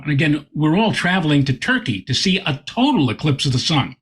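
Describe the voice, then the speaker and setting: Astronomer guest, male, husky slightly high voice, animated storyteller. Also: fairly quick. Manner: animated, repeats words while telling a story. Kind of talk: anecdotal storytelling in interview.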